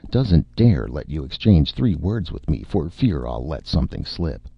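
A man's voice: rumbling low, very animated, unhurried, creaky, slightly rough, no room sound, heavily acted. A man voicing a confident, smug male screenwriter who talks in a glib, complacent, lordly way, in a dry, slightly muffled recording.

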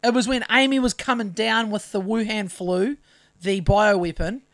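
A man's voice: high-pitched, fairly even intonation, a bit bright. A middle-aged man with a New Zealand accent, co-hosting a casual podcast chat, rambling and restarting his sentences often. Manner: rambling, halting, many restarts. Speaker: podcast co-host.

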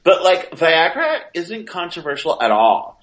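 Sarcastic, blunt man with lively pitch. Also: unhurried, poor audio. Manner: sarcastic, blunt, swears freely. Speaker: co-host reading comments. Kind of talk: casual podcast chat.

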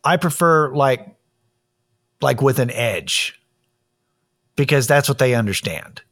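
A man's voice: mid-range voice, lively intonation, slow, a bit bright. A man talking in a casual monologue, blunt, opinionated and profane as he tells a story and gives his views.

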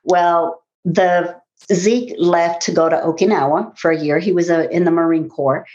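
A woman in her forties with a lowish voice tells her own story to an interviewer. She talks in an earnest, rambling way, full of fillers and restarts. The recording sounds dull and lo-fi. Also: steady tone, normal speed, a little mellow. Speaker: interview guest. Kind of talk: personal testimony in conversation.

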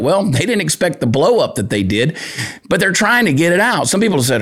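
A man's voice: a little high, sing-song, fairly quick, a bit bright. Riled-up joking male talk host. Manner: riled-up, crude, joking rant. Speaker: podcast host and comedian. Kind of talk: casual opinion talk show.

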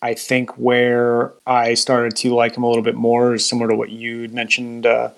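Male co-host, mid-pitched, earnest and measured in casual talk. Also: completely flat delivery, creaky. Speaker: podcast co-host. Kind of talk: casual podcast chat.

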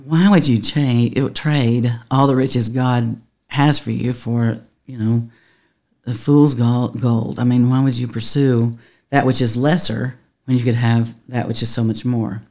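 A woman putting on an older male saint with a Texas drawl, folksy and blunt, chiding his listeners with a steady "y'all". He sounds incredulous and plain-spoken rather than grand. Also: very deep voice, measured pace. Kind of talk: imagined quote within a talk.

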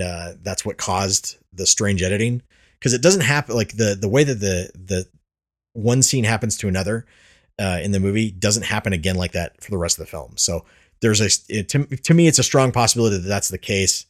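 A man hosting a casual podcast, talking loosely with frequent fillers and restarts. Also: fairly low pitch. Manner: rambling, many restarts and fillers. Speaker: podcast host. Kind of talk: casual chat about movies.

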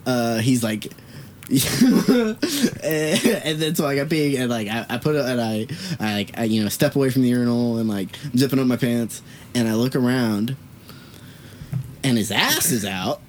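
A man's voice: mid-range voice, moderate pace, a little hiss or hum. A young man hosting a podcast, telling a rambling story and swearing as he acts out the voices of people in it. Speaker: podcast host. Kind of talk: casual storytelling.

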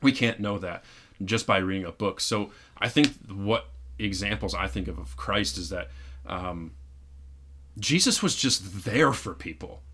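Man, podcast co-host, casual chat, earnest, reflective, lowish pitch, bright tone. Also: lively intonation, slight background noise. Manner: earnest, reflective, quick asides.

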